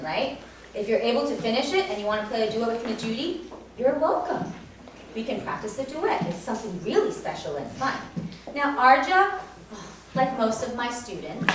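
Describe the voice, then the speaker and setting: A woman piano teacher speaking to children and parents at a recital, telling animated stories and acting out her students. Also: on the high side, a little hiss or hum. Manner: animated storytelling, acts out students. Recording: echoey room from far off.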